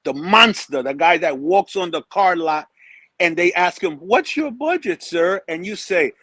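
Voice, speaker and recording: Male guest, higher voice, repetitive emphatic chat. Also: bright, forceful tone, dry recording. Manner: halting, repeats words, emphatic. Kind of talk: casual livestream chat.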